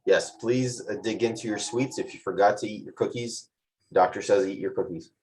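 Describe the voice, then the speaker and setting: A man hosts a tasting group on a video call. His voice sits low, and his casual chat is full of playful jokes and asides. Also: normal speed, darkish tone, a little hiss or hum, poor audio. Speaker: host of a virtual tasting group.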